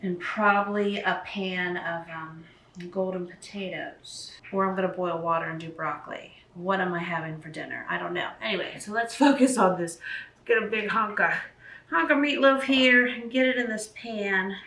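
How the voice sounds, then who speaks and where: A woman's voice: mid-range voice, moderate pace, pushed and bright, reverberant, far from the mic, poor audio. A woman vlogger chatting casually and thinking aloud as she cooks, out of breath from the work. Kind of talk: casual cooking vlog chat. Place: home kitchen.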